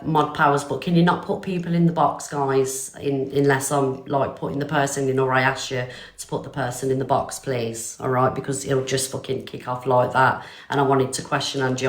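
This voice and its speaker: Blunt older woman, low voice. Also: echoey room. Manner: blunt, defiant, swearing. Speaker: livestream host. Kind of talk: live stream chat.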